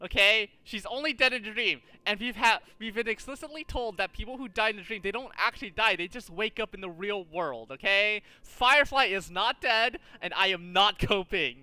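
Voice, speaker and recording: A man streaming a game, chatting casually, animated and exasperated, swearing often at a desk mic. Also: high-pitched, normal speed, few pauses, smooth, no echo. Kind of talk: casual livestream chat while gaming.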